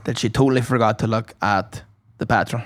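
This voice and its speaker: A man's voice: mid-range voice, fairly even intonation, brisk. A man, a podcast host telling a rambling anecdote in casual chat, full of swearing and impressions.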